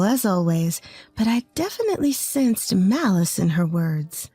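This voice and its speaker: A woman's voice: medium pitch, very animated, a little slow, a little mellow, dry recording. A woman in her twenties from rural Texas, telling a first-person story in an earnest, plain way. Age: 20s. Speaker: narrator.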